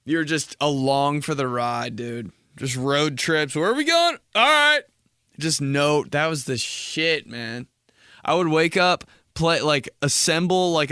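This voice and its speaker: A man's voice: mid-range voice, a bit bright, clear, resonant tone, no room sound. Brief: man in his twenties, casual slangy podcast rambler, dry close mic. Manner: rambling, slangy, heavy swearing. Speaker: podcast host. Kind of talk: casual comedic monologue.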